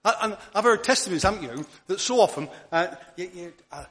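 Guy giving a sermon, earnest, repeats himself a lot, goes soft and quiet on key words, voice a bit high. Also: lively intonation, quick pace. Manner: drops to a soft near-whisper on key words. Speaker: preacher.

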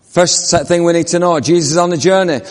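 In a church hall with long reverb, a man preaches a sermon in a slightly high voice with fairly even intonation, speaking a little fast. He brings the story to life and asks his congregation questions.

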